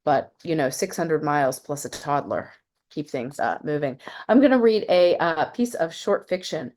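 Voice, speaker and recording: A woman from West Virginia who introduces herself casually, with some halting, then reads her short fiction aloud in a steady way. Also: deep voice. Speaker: fiction reader.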